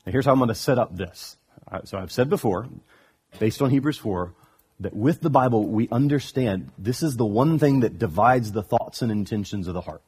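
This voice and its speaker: A man preaching a sermon as a pastor, telling a story in an animated way, with touches of humor. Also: medium pitch, moderate pace, breathy edge.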